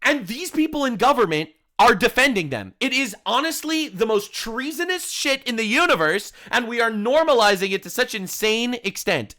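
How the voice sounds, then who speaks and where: A man's voice: very high voice, lively intonation, normal speed, hardly any pauses, bright, forceful tone. A young man ranting in a mocking, heated way while reacting to clips, laughing between lines.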